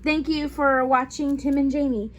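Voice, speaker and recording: A woman's voice: sits high, fairly even intonation, normal speed, slight background noise. Woman signing off her channel. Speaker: channel host. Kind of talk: video outro.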